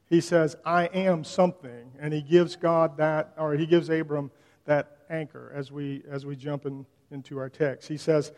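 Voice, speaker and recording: Pastor, man, high voice, casual sermon delivery, long church-hall reverb. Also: flat delivery, normal speed, a little mellow. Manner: conversational, retells scripture in plain slang.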